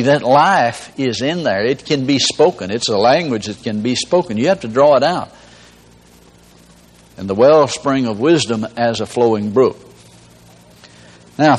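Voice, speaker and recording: An older man teaching scripture on a radio broadcast, folksy and plain-spoken, with emphatic quoting of verses. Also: medium pitch. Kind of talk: broadcast sermon.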